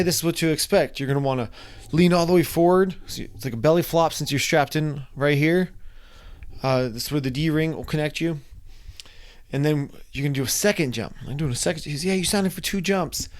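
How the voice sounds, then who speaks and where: A young man casually telling a personal story, animated and acting out his own reactions. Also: on the high side, brisk. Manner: animated, acts out his own screams and quotes.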